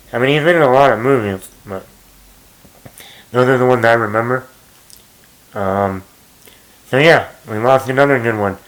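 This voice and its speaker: A man's voice: mid-range voice, fairly bright tone, low-quality recording. Rambling man talking about movies. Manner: rambling, many fillers and restarts. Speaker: movie commentary host. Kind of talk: casual movie talk to camera.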